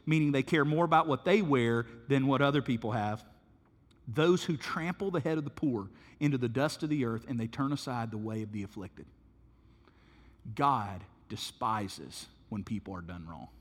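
A man preaching a sermon in a church, passionate and dynamic, dropping to hushed low words for emphasis and acting out quoted voices. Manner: acts out quoted voices for illustration. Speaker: pastor. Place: church sanctuary. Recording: long hall reverb.

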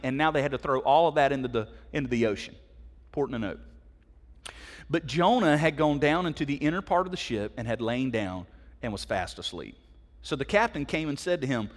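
Preaching in a conversational but forceful way, this middle-aged pastor often asks the congregation direct questions. The voice is a little high and somewhat bright, recorded with long hall reverb.

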